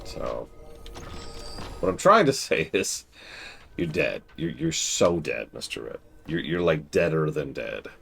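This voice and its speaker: A man's voice: extremely low pitch, big pitch swings, slow, creaky, fairly bright tone, soft background music. A man streaming a management game, talking to his characters with sarcastic, mock-dramatic asides.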